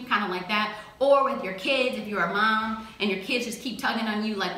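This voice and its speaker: A woman giving an energetic, emphatic motivational talk in a casual, slangy way. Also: on the high side, fairly quick, few pauses. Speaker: motivational speaker. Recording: very echoey room.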